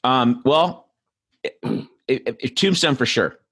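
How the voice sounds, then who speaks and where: A podcast host with a medium-pitched, fairly bright voice and a breathy edge speaks slowly. He answers questions in casual chat, telling stories in a rambling way with many fillers and restarts.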